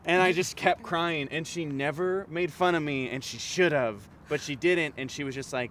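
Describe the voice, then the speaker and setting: A man's voice: fairly high pitch, normal speed, a bit bright, a little hiss or hum. A man telling a self-mocking childhood story in casual chat.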